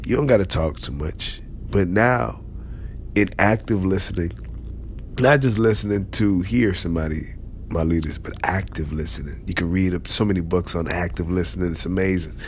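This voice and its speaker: Deep-voiced motivational speaker. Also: male voice, moderate pace, slight background noise. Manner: conversational, emphatic, repeats key phrases. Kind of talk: motivational talk to leaders.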